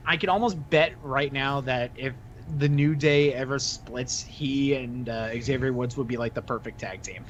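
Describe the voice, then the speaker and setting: A man co-hosting a casual wrestling podcast, excitable and swearing casually. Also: mid-range voice, normal speed, lo-fi sound, a little hiss or hum. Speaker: podcast co-host.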